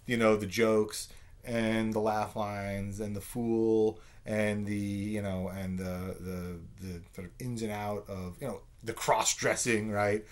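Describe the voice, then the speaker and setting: A man giving a conversational literature lecture, full of fillers and "right?" check-ins. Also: on the low side. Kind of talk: recorded lecture.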